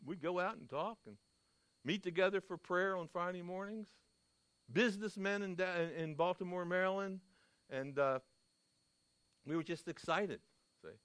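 A man delivers a sermon in an emphatic, storytelling way, often asking his listeners questions. His voice sits a little high. The sound is dry and close, with no room echo. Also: normal speed, pauses often, fairly bright tone, clear, resonant tone. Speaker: preacher.

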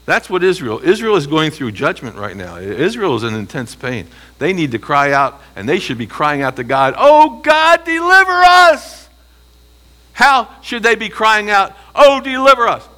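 Teaching a Bible study, this man reads passages aloud, remarks between phrases, and answers his own rhetorical questions with emphasis. His voice is medium-pitched, pushed and bright.

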